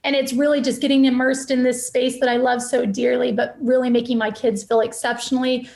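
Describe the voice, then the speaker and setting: A woman's voice: high-pitched, little pitch movement, brisk, gravelly, a little mellow, echoey room. A woman, a real estate investor guest on a podcast, talking in a passionate, motivational and emphatic way. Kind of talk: enthusiastic podcast interview talk.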